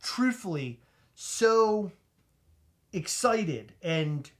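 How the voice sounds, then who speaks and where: A man co-hosting a podcast, telling a comedic story in an animated, excitable way, stumbling over restarts and shouting out retold lines. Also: high-pitched, drawn-out words. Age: adult with a child. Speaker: podcast co-host.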